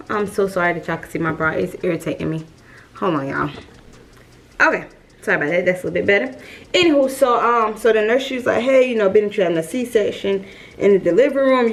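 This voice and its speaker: A young woman telling a storytime vlog, chatty and lively, calling her viewers y'all. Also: medium pitch, a little hiss or hum. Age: young adult. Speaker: vlogger.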